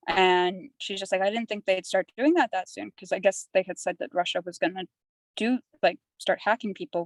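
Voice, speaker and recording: A woman's voice: mid-range voice, no echo, poor audio. A young woman from Canada, a podcast guest, telling her story in a rambling, candid, chatty way. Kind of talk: candid casual conversation.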